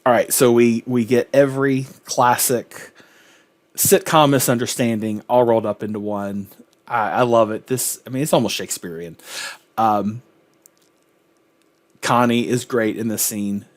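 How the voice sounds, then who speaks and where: A man's voice: medium pitch, steady tone, unhurried. A man hosting a reaction video, chatting casually and enthusiastically about a sitcom episode, with frequent ums and restarts.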